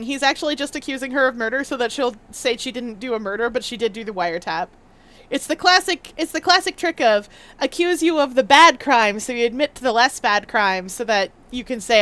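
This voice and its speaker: A woman's voice: on the high side, animated, a little fast, fairly bright tone. A woman streamer chatting casually and giggling while playing a game aloud. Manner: bubbly, giggly. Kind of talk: casual gaming livestream reading aloud.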